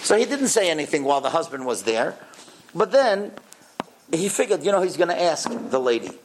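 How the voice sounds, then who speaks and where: A man telling a story in a sermon to a congregation, animated and peppered with Hebrew and Yiddish terms. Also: a little high, brisk, slight background noise, poor audio.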